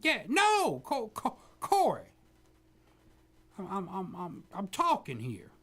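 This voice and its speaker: A man's voice: wildly swooping pitch, slow pace, fairly bright tone, exaggerated voice. A man doing a stammering old preacher. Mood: exasperated. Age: older. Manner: high put-on drawl, stammering, indignant. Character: crotchety older male televangelist, prudish and bigoted. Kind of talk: comedic radio impression.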